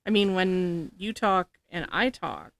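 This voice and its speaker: A woman's voice: lowish voice, slow pace, a bit bright, no room sound. A woman co-playing in a casual let's-play chat, easygoing and agreeing along. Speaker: co-player.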